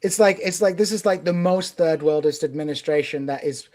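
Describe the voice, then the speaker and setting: A man hosting a casual political discussion podcast, talking in animated, opinionated bursts. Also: fairly high pitch, fairly quick. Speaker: podcast host.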